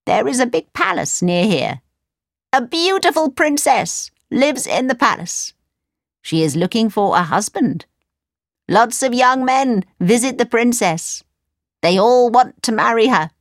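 A woman's voice: a little high, expressive, a little slow, dry recording, clean studio sound, pitched above the performer's own voice. Woman voicing a kind, sing-song storybook raven. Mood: kindly. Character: kind, wise male talking raven. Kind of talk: storybook reading.

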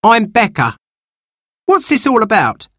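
Give me a man playing a brisk fairground woman in a storybook, pitched high. The voice is a bit husky and sounds dry and close. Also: wildly swooping pitch, sharp tone, no echo, full character voice. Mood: wary.

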